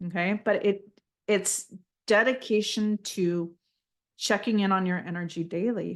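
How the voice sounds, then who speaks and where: A woman leading a guided healing session, speaking gently and reassuringly, calling the listener honey and checking in with "okay?" often. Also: medium pitch, fairly even intonation, a little slow. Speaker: spiritual energy healer.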